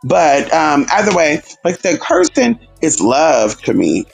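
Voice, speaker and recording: A man's voice: fairly high pitch, huge pitch swings, a little slow, vocal fry, slightly rough. A man hosting a casual livestream, talking sassily and animatedly to his viewers, calling them girl and honey. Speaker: livestream host.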